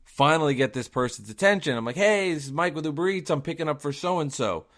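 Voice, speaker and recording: A man hosting his own podcast, telling a story in a casual, worked-up rant full of rhetorical questions, swinging between loud outbursts and quiet asides. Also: fairly high pitch, animated, fast. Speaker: podcast host and delivery driver.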